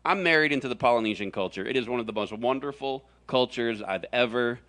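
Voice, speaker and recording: A middle-aged man from Florida preaching a humorous sermon to a room, telling stories with animated, jokey delivery and sudden exaggerated voices. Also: medium pitch, fast. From Florida, USA. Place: large room with audience.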